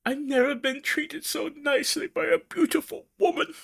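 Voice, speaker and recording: Man doing a timid disfigured young man, high-pitched, soft, halting, sorrowful. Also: fairly even intonation, vocal fry, full character voice. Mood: tender. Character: meek disfigured young man, gentle and sad.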